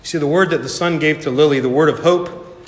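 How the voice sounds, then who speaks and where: A man preaching a sermon and telling a story, earnest and slow, dropping soft for emphasis. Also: fairly high pitch. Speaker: pastor. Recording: echoey hall reverb.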